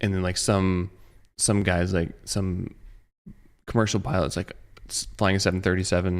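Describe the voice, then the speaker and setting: A man's voice: sits low, level tone, normal speed, smooth. A man co-hosting a casual podcast, telling a long, rambling story and acting out the voices of the people in it. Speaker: podcast co-host. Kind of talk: casual chat among friends.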